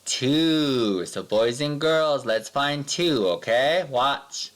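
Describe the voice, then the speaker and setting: A man teaching a math lesson to young children, patient and sing-song, counting along slowly with his pupils. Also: mid-range voice, expressive.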